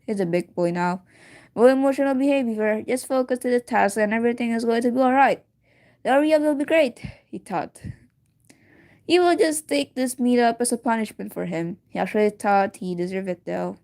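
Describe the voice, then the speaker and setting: Halting woman reading a story aloud. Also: on the high side, a little mellow. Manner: halting, stumbles and restarts words, giggly asides. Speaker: reader of a story. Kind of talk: casual read-aloud of a fan story.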